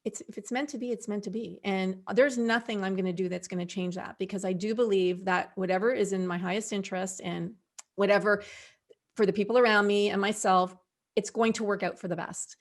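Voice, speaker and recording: A woman's voice: mid-range voice, steady tone, a little fast. A woman in a casual podcast conversation, speaking earnestly and encouragingly as a guest.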